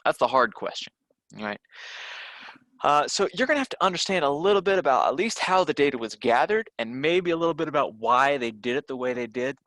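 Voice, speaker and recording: A man with a bright, forward voice walks students through test questions in a relaxed, conversational lesson. He talks with many fillers and restarts. The sound is dry and close, with no room echo. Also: fairly high pitch, a little fast. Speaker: teacher. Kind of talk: recorded test-prep lesson.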